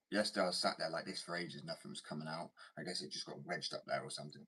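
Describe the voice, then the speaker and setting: A man's voice: rumbling low, rapid-fire, sharp tone. A young man rambling casually and swearing, often dropping to a whisper. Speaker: vlogger. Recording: far from mic, faint noise.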